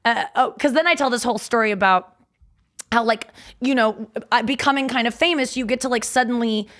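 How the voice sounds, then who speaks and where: A woman's voice: on the high side, brisk, a bit bright. A woman comedian chatting as a guest on a studio podcast, telling a story with lots of fillers and laughs. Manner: rambling, filler-heavy storytelling with frequent laughs. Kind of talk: casual podcast chat.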